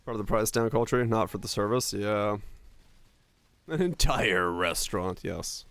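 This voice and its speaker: A man's voice: lowish voice, measured pace, a bit bright, no echo. A young man streaming live, chatting casually with viewers, ranting and swearing freely as he talks.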